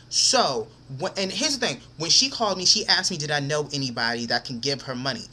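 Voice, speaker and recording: A man's voice: on the high side, expressive, brisk, few pauses, bright, forceful tone. A young man vlogging an angry, profane rant, repeating himself as he vents.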